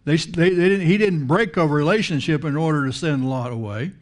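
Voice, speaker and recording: Male preacher with a fairly high voice, conversational sermon delivery, lots of repeats and rhetorical questions. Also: a little fast.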